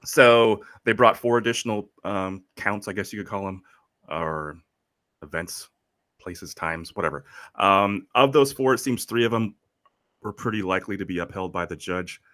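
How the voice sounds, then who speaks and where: Deep, bright-toned male news co-host. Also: no echo, clean studio sound. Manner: measured, hedging with frequent ums. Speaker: podcast co-host reading headlines. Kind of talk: casual news chat.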